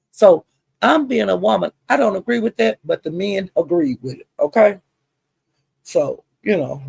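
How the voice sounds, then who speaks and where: A woman with a husky, gravelly voice tells a gossip story in a casual livestream chat. She talks in an animated, chatty way, full of asides and the odd curse word. The sound is close and dry, with no room around it. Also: on the low side, dry recording. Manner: chatty, animated retelling with frequent asides and cussing. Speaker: livestream host.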